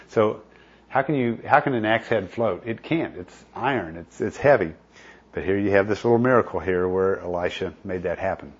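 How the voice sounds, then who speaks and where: Low-voiced man teaching a Bible study. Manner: reads scripture aloud and explains it casually; frequent fillers and restarts, conversational. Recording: dull lo-fi recording.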